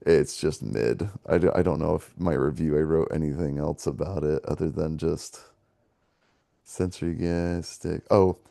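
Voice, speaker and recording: A man's voice: a bass voice, measured pace, creaky, dark tone, no room sound, studio quality. A man co-hosting a movie podcast, chatting casually and rambling, laughing often between his thoughts. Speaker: podcast co-host. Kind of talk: casual movie review chat.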